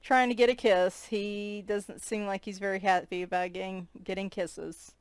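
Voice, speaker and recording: A woman's voice: mid-range voice, fairly even intonation, moderate pace, clear, resonant tone, no echo. A woman chatting casually as she flips through a coloring book, amused and giggling as she comments on each picture.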